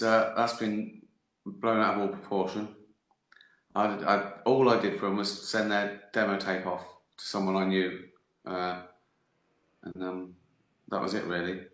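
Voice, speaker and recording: A man's voice: lowish voice, a bit bright, echoey room. A man chatting on a livestream, rambling from joke to joke, swearing freely and laughing at his own lines. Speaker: comedian answering viewers on a livestream. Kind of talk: casual livestream chat.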